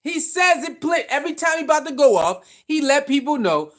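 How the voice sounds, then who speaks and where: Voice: high-pitched, very animated, a little fast, a bit bright. A sports commentary vlogger giving casual, opinionated takes, firing off rhetorical questions and repeating points in slangy speech.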